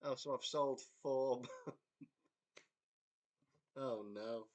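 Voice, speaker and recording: A man's voice: mid-range voice, steady tone, drawn-out words, a little mellow. A young English man from a band, chatting casually on a livestream, telling a rambling story with frequent laughter and reading out viewer comments. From England. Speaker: band member hosting a livestream chat. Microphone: computer mic on a livestream.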